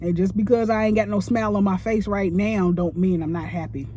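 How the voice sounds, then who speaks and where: A woman who works as a cook, venting about her job in a profane, animated rant while she eats on camera, talking close into a phone. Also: brisk, a little hiss or hum. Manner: profane, animated, with big swings in pitch. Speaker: line cook. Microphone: phone held close.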